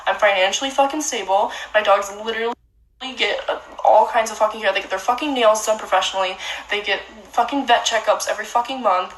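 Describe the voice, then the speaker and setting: A woman's voice: mid-range voice, fast talker, fairly bright tone, roomy sound, rough recording. Angry young woman ranting, swearing. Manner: heated, profane, filler-heavy. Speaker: dog owner. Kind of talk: angry vlog rant.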